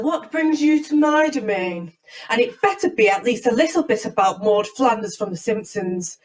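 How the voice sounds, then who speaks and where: Satan as a hammy ruler of hell, drawing out every villainous declaration, as a woman plays him. The delivery is very slow and sits fairly high. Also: rough recording.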